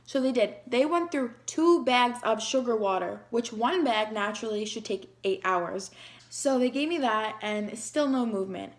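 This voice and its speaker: A woman's voice: a little high, moderate pace. A young woman vlogger emotionally retelling a personal story in a chatty way, with lots of "like". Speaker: beauty vlogger.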